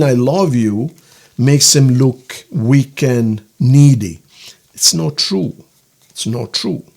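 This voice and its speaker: A man giving a casual tarot reading, rambling and halting, now and then voicing quoted feelings in a hushed, soft tone. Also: medium pitch. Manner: rambling, halting, searches for words. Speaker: tarot reader.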